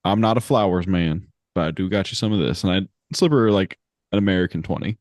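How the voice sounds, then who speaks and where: A low-voiced man playing a tabletop game, easygoing and folksy. The sound is close and dry. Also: a little fast, a little mellow, no room sound. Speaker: player. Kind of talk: tabletop role-play.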